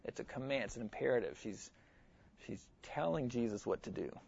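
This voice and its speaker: A man preaching an expository sermon, earnest, repeating key phrases and moving between loud emphasis and hushed asides. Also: medium pitch, expressive, fairly quick, vocal fry, lo-fi sound, a little hiss or hum.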